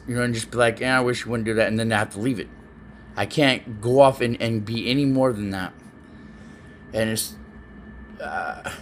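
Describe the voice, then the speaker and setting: A man speaking straight to a camera he recorded himself, in a middle-pitched voice, earnest and halting. He stumbles and repeats words, and a faint hum of room noise sits behind him. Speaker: parent speaking to his child. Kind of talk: personal video message. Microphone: self-recorded video, facing the camera.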